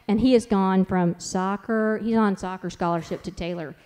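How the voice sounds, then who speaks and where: A woman's voice: medium pitch, fairly quick, hardly any pauses, mellow, long reverb tail. Chatty woman telling stories at a church conference. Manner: chatty and rambling, lots of "like", restarts. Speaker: conference speaker and mother. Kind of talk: conference talk with storytelling.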